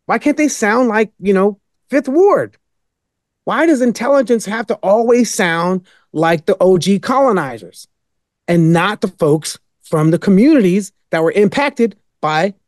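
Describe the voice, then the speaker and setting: A man's voice: high-pitched, expressive, a little slow, no echo, studio quality. A man speaking as a podcast guest, rambling and emphatic in casual storytelling. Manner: rambling, many fillers and restarts, emphatic.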